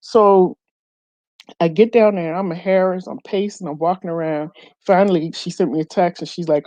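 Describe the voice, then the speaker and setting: A woman hosting her own channel, telling a personal story to viewers in an animated way and acting out what others said. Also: fairly low pitch, moderate pace, no echo, muffled recording. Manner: animated, quotes others in lively voices, addresses viewers as y'all. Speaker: show host.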